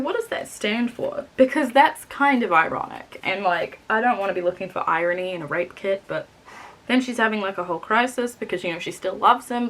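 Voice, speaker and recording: A young woman vlogger casually reviewing a book she read, animated and laughing often, swearing freely. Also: medium pitch.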